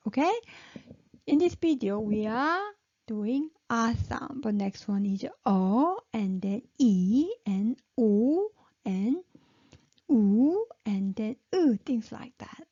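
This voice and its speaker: A woman's voice: on the high side, lively intonation, takes it slowly, warm tone, no room sound. A woman teaching a language lesson, who repeats each syllable patiently and keeps checking in with "okay?". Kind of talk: slow spoken lesson with repeated drills. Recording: dull, muffled lo-fi sound.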